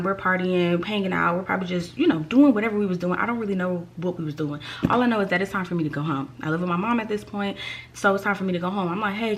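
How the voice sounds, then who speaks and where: Animated woman telling a storytime. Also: medium pitch, a little hiss or hum. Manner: animated, repeats lines for effect. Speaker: vlogger. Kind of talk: storytime vlog.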